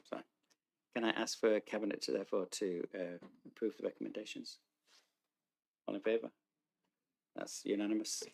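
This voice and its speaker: A man's voice: on the low side, steady tone, normal speed, creaky, long pauses, darkish tone. A man chairing a formal council meeting in a meeting room, reading out motions and procedure with frequent ums and hesitations.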